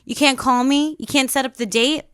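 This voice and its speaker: A woman hosting a self-help podcast, talking in a sassy, emphatic way and swinging from calm to loud exclamations. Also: high voice, fairly quick, clear, resonant tone, no echo, studio quality. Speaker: podcast host. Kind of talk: motivational self-help talk.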